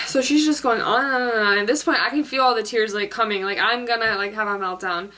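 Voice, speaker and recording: A woman's voice: mid-range voice, a little fast, sharp tone, slight background noise. A young woman telling a work story in a casual storytime vlog, chatty and full of "like.". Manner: chatty, filler-heavy, with lots of "like". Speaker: vlogger.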